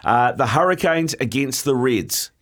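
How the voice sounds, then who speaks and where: An easygoing host who reads out betting odds in a relaxed, chatty way. His voice is of middle height and even. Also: medium pitch, a little slow. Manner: easygoing, reads out odds, says "mate" a lot. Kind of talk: casual sports-betting chat.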